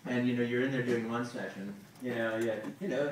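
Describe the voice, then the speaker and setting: A man answering fan questions at a panel, animated, with many "you know"s and hummed tunes. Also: medium pitch, fast talker, few pauses, a little hiss or hum. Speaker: guest voice actor at a fan panel. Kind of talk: casual Q&A with an audience. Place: large convention hall. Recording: echoey hall recorded from far off.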